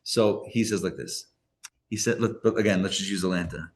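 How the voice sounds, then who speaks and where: A male rabbi teaches a live class through stories and plain examples. His delivery is relaxed and conversational, and he often restarts sentences as he builds his point. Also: deep voice, fairly quick, slight background noise. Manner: conversational, anecdotal, with many restarts. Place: live class in a Torah center.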